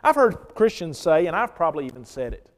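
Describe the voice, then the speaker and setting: A man preaching a sermon as pastor, telling stories and swinging between loud emphatic lines and hushed ones. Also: fairly high pitch, very animated, brisk, long reverb tail.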